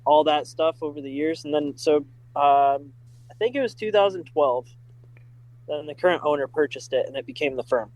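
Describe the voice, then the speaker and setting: Excited man, podcast guest, loose rambling storyteller, slightly high voice. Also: moderate pace, rough recording. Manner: enthusiastic, many fillers like "like" and "uh". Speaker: podcast guest, driving school staff. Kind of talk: casual storytelling.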